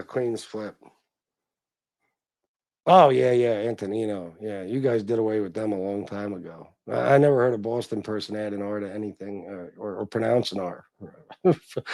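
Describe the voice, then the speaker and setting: A man's voice: lowish voice, normal speed, creaky, a little mellow, dry recording. Blunt, profane middle-aged man, dry close sound. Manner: profane, blunt, self-deprecating. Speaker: livestream host reading chat. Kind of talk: casual livestream chat.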